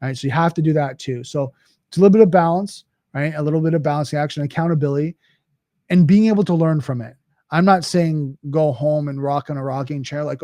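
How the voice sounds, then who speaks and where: Middle-aged male host, casual solo Q&A delivery, mellow slightly high voice, dry close mic. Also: brisk, dry recording. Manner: conversational with frequent restarts and "right?". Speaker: cybersecurity host. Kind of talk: solo Q&A talk.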